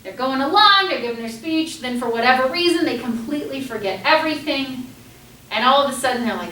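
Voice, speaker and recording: Woman teacher, high and very animated, lecturing with bright energy; echoey classroom, mic far off. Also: a little fast, slight background noise. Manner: lively, animated, acts out students' panicked voices.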